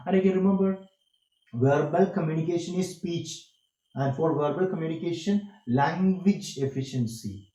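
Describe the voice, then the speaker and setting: A man's voice: mid-range voice, mellow, reverberant, rough recording. A man with an Indian English accent giving an online workshop lecture, emphatic and repetitive, with frequent fillers. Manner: emphatic, repeats key words, frequent fillers.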